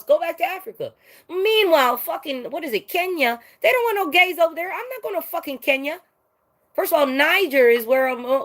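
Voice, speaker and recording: A woman with a somewhat high voice delivers an unscripted, profanity-laden rant straight to her audience. She swings between loud outbursts and low, muttered asides. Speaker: vlogger.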